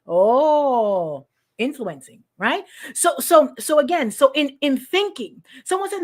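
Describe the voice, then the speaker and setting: A woman's voice: sits high, big pitch swings, unhurried. A middle-aged woman pastor preaching informally, calling on listeners by name and acting out quoted voices. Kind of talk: informal sermon to an online congregation.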